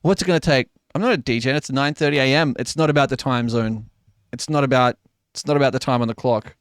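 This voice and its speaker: A man's voice: medium pitch, quick pace, clear, resonant tone, dry recording, clean studio sound. A man casually chatting while live-streaming, sick with influenza and coughing, joking and teasing as he talks.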